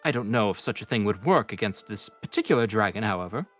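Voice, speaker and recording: Man doing an ancient magic orb, solemn, formal archaic speech, measured, animated pitch. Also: soft background music.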